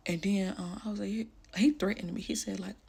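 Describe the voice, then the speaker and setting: A woman's voice: medium pitch, fairly even intonation, brisk, vocal fry, warm tone, breathy edge. A woman telling a personal story candidly, blunt and emotional, with casual slang.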